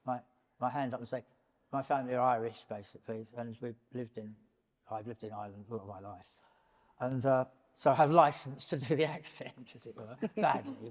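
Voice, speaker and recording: Older man talking in a reverberant gallery. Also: mid-range voice. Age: 70s. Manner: animated, digressive, breaks off mid-sentence. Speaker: painter and prize winner, interviewee. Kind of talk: public in-conversation talk. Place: large gallery hall, in front of an audience. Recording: long hall reverb in a gallery.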